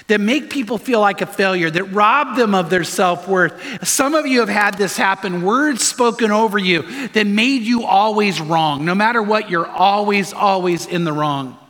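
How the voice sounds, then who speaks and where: A male pastor preaches in a high, bright voice. His delivery is animated and full of fillers and restarts. The sound rings with the long reverb of a large hall. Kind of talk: sermon. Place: church sanctuary.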